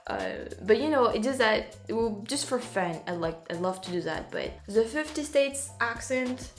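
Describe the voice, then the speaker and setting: A woman's voice: a little high, animated, faint music behind. A woman with a French accent, a native French speaker, hosting a casual reaction chat and often stopping to correct herself. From France. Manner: halting, self-correcting, laughs at herself. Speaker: YouTube host.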